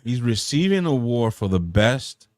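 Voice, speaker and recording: A man's voice: medium pitch, big pitch swings, moderate pace, darkish tone, no room sound, studio quality. Laughing, joking podcast co-host man. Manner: joking, laughs often, goofy asides. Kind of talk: casual chat.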